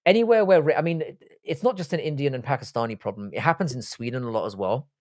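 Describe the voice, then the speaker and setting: Fast and darkish in tone, a medium-pitched male host runs a livestream, casually reading viewers' messages aloud and firing back profane, offhand replies. No echo; clean studio audio.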